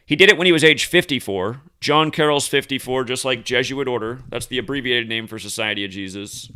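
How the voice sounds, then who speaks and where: A man's voice: mid-range voice, pushed and bright, clear, resonant tone. A man hosting a commentary monologue, talking heatedly with profanity and frequent restarts. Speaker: host.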